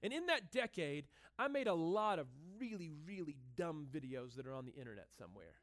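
A male pastor preaching a sermon in a lively, conversational, joking manner, in a room with an audience. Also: a little high, fairly quick. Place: room with cameras and a listening crowd.

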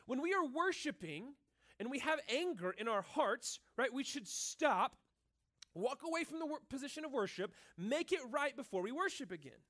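A man with a notably high voice delivers a sermon to his church. He talks loosely and earnestly, leaning on "like" and "right?" as he goes. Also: sing-song, normal speed, a bit bright. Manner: casual and earnest, filling speech with "like" and "right?". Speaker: pastor. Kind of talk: conversational sermon.

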